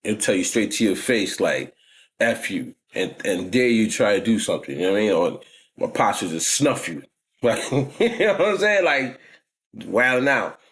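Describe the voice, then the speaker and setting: A New York man in his forties vlogs casually about his past, his fairly low, fairly bright voice very animated at a moderate pace. He leans heavily on street slang and keeps saying "you know what I'm saying."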